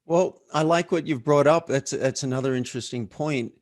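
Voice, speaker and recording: A man speaking as a guest business coach, talking in a deliberately slow, measured and inviting way. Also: mid-range voice, no echo, studio quality. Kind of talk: reflective conversational advice.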